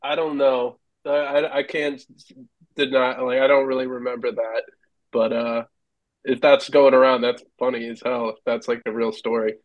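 A man's voice: medium pitch, flat delivery, normal speed, no echo, phone-quality sound. A man, a former hockey goalie, telling rambling stories as a podcast guest and laughing often. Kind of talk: casual storytelling.

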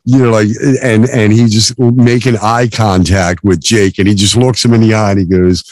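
A man co-hosting a podcast in casual film discussion, talking haltingly with many restarts. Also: fairly low pitch, fairly even intonation, darkish tone, dry recording. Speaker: podcast co-host.

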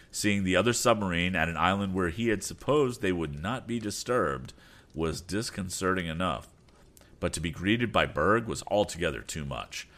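Male audiobook narrator, very low voice, lively expressive reading, soft music bed. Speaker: audiobook narrator and podcast host. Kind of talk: storybook narration. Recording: faint background music.

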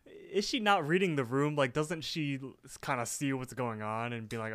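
A man's voice: mid-range voice, moderate pace, fairly bright tone, dry recording. A man co-hosting a podcast over a voice call, recapping a cartoon episode in a chatty way with jokey asides. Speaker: podcast co-host. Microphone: online voice call.

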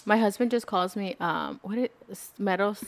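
A woman's voice: medium pitch, normal speed, gravelly. Hesitant woman podcast co-host. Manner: hesitant, restarts her sentences. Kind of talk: casual chat.

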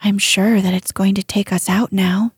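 A woman voicing an eager, brave little princess girl in a breathy whisper, as whispered role-play in a storybook reading. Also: medium pitch, flat delivery, normal speed, dry recording, studio quality.

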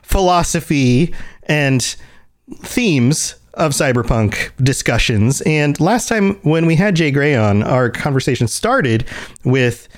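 A man's voice: a little high, animated, takes it slowly. A man hosting a podcast, talking casually and thinking aloud with frequent restarts. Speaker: podcast host.

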